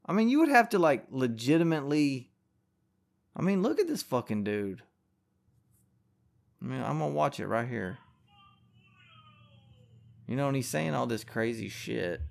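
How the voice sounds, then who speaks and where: A man ranting loosely on his podcast, his speech full of curses and the filler "like". He drifts from point to point in a casual, offhand way, at a middling pitch for a man. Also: sing-song, moderate pace, gravelly, pauses often. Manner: profane, rambling, heavy use of filler "like". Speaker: podcast host. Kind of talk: casual rant.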